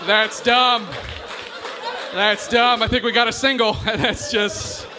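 A man doing a rambling, self-deprecating stand-up set, sometimes dropping to a hushed storytelling voice. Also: extremely high pitch, little pitch movement, slow pace, a crowd in the background, noisy background. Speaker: stand-up comedian. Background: audience laughter.

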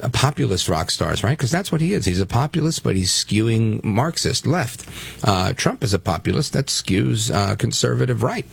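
A man's voice: medium pitch, sing-song, moderate pace, creaky, slightly rough. A man from Brooklyn guest-hosting a political talk radio show, speaking emphatically and taking callers. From Brooklyn, New York. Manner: emphatic, conversational, takes callers.

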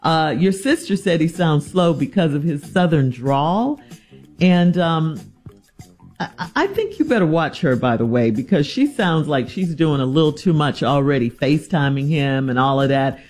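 A woman's voice: low-pitched, lively intonation, moderate pace, a little mellow, faint music behind. A woman hosting an advice show, reading out a listener's letter and answering it in a teasing, incredulous way.

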